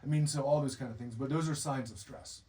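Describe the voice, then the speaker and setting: A man's voice: mid-range voice, fast talker, dark tone, far from the mic, rough recording. A man giving an informal training lecture to bear viewing staff, explaining behavior and acting out what bears and guides might say. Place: lodge room with a group.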